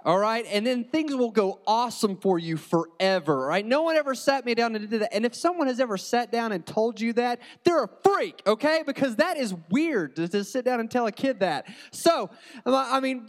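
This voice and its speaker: A man's voice: high voice, long reverb tail. A man preaching in a church, telling a joking childhood story in a loose, conversational way with many restarts. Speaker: pastor. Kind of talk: storytelling sermon.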